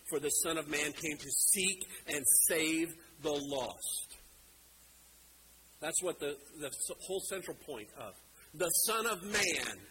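A male preacher giving a sermon, animated, acting out scripture and slowing down to stress key lines. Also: mid-range voice, noisy background. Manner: animated, acts out scripture quotes, slows for emphasis.

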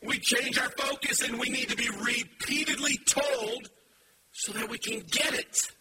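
A man preaching a sermon to a live congregation, animated and emphatic, cracking playful puns. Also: very high voice, unhurried, distant mic, noisy background. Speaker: pastor.

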